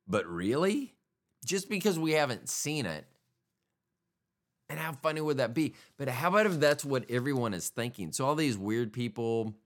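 A man hosting a podcast, rambling casually on his own in a jokey, profane way. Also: mid-range voice. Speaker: podcast host. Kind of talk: casual solo podcast monologue.

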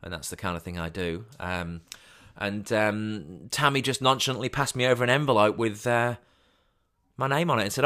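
A man hosting a podcast, telling a long personal anecdote in a casual, rambling way, full of fillers and restarts, and growing loud and high when he gets excited. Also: moderate pace. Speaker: podcast host. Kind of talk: casual storytelling monologue.

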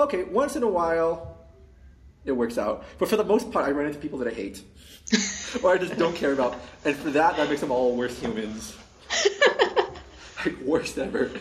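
A man tells a long, wandering story in casual chat, full of restarts and fillers. His voice sits a little high for a man, and the room adds a clear, roomy echo. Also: a little hiss or hum. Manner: rambling storyteller, many likes and restarts, acts out quoted people in a high voice.

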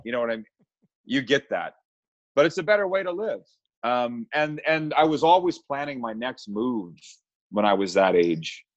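A middle-aged man talking candidly as a podcast guest, telling stories about his past with self-deprecating honesty. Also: fairly low pitch. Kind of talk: casual podcast interview. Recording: dull lo-fi sound.

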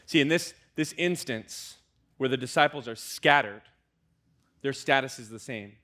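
A young American man, a student pastor, preaching a conversational sermon with lively asides to the congregation. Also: medium pitch, a little slow. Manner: conversational, animated preaching with fillers and audience asides.

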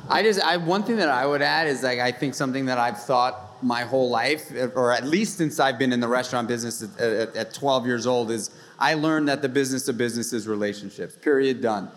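A man's voice: medium pitch, brisk, few pauses, a bit bright. A man, a restaurant entrepreneur on a live panel, speaking earnestly and emphatically. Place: event stage before live audience.

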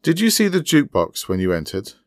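A man voicing a courteous, enigmatic older male sleuth who asks polite, measured questions. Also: a little high, huge pitch swings, no room sound, voice pushed up.

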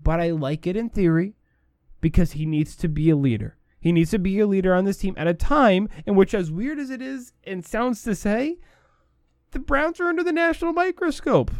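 A man's voice: high voice, lively intonation, normal speed, smooth, dry recording, studio quality. A man hosting a sports talk show, giving opinionated commentary and repeating his points for emphasis.

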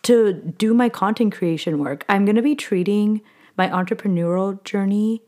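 A woman's voice: mid-range voice, normal speed, a little mellow. A young woman from Southern California hosting a casual solo podcast, rambling and heartfelt, switching between English and Spanish and often saying "like". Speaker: podcast host.

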